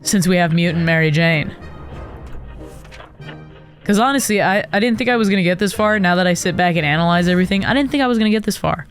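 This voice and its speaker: A woman streamer giving casual gameplay commentary, excitable and melodramatic with sarcastic asides. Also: lowish voice, fast talker, soft background music. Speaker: gaming streamer.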